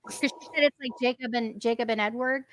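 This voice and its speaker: A woman hosting a casual panel chat, telling stories quickly and with animation. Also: a little high, fairly even intonation, a little hiss or hum. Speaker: host.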